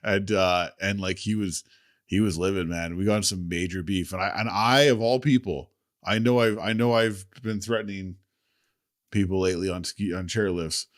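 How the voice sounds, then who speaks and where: A man with a deep, low voice co-hosts a podcast, spinning loose, rambling stories. He swears casually and restarts his sentences as he talks. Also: fairly even intonation, normal speed, no echo, studio quality. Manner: rambling storytelling, swears, laughs easily. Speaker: podcast co-host. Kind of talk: casual chat.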